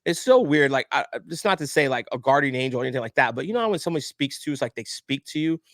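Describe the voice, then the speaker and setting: A man's voice: mid-range voice, very fast, no echo. Guy in his 30s telling his story on a podcast, acts out voices, dry close mic. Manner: candid, animated storyteller, acts out quoted voices. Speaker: podcast guest. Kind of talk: emotional storytelling interview.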